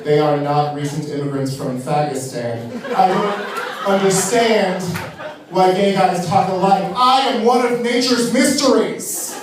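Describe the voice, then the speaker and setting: A man performing a stand-up comedy set, theatrical and animated, swinging his pitch up high for emphasis. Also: a little slow, very echoey, recorded from a distance, noisy background. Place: comedy club stage.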